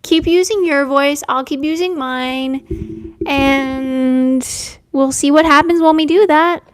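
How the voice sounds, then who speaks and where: Slow, high-voiced woman chatting on a live stream. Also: dry recording, studio quality. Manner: slow, gentle, spiritual and affirming. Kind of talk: casual live stream chat with viewers.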